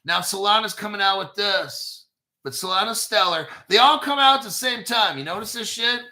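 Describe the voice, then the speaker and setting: A man's voice: sits high, lively intonation, moderate pace, bright, forceful tone. A man hosting a live crypto show, talking casually and profanely, and bantering with himself as he reads articles. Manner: profane, talks back to himself.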